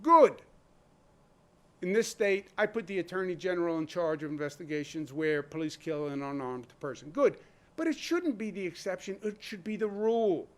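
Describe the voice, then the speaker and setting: A man speaks at a press conference in a fairly high voice. He argues emphatically and keeps asking rhetorical questions, like a governor addressing the public. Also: brisk, few pauses. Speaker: state governor. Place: press room.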